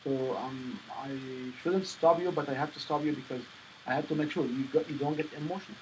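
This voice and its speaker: A man coaching a student on stage presentations, speaking in halting phrases with many restarts. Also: a little high, slight background noise, rough recording. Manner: non-native phrasing, repeats and restarts. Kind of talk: coaching session.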